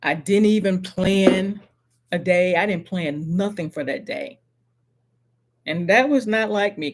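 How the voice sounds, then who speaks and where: A middle-aged woman hosts a motivational live stream. She talks slowly and earnestly, circling back to repeat each affirmation as if speaking to one viewer. She sits close to the mic. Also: fairly low pitch.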